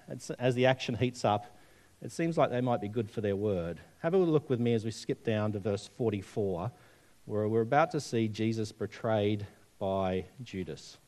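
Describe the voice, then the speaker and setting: A preacher with a darkish, mid-range voice tells stories during his sermon and asks the congregation questions in a conversational way.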